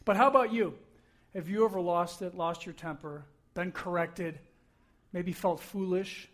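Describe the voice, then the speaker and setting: A middle-aged man preaching a sermon in a high, light voice. He talks casually, like he's telling a story to friends. When he replays an argument he gets worked up and animated. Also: a little slow. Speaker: pastor.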